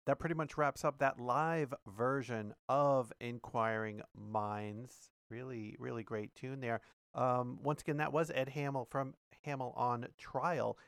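A man's voice: medium pitch, fairly even intonation, unhurried, a bit bright, a little hiss or hum. A man hosting a podcast, talking casually with many fillers and reading a passage aloud. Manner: chatty, many fillers and restarts. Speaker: podcast host.

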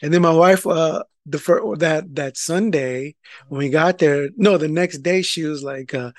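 High-voiced, profane, animated man ranting. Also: normal speed, dry recording, clean studio sound. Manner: animated, profane, rant-like, acts out quoted people loudly. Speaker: podcast co-host telling a story. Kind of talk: casual profane storytelling chat.

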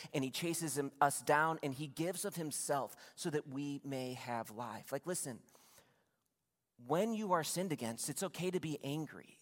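A pastor retells a Bible story in his sermon, using lively, conversational storytelling and acting out the characters' voices. His voice is a little high, and the recording carries a long hall reverb.

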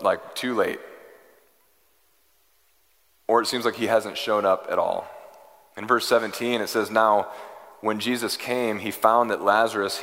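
A man preaching a sermon as pastor, earnest and pleading, moving from hushed, slow lines to emphatic, rising ones. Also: lowish voice. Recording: reverberant hall.

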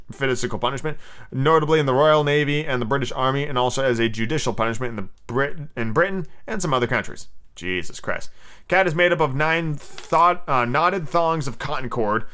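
A man's voice: medium pitch, sharp tone, clear, resonant tone. Male podcast host, casual chat, swears and exclaims a lot. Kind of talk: casual chat and book reading.

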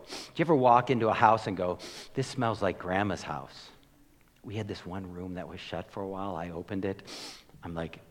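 Lively storytelling male pastor, lower voice. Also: long reverb tail. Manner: storytelling, animated, with fillers and laughs. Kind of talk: conversational sermon.

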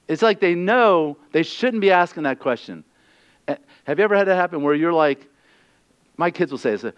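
A male pastor preaching a sermon in a conversational, animated way, acting out the quoted lines. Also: on the high side, brisk, lo-fi sound.

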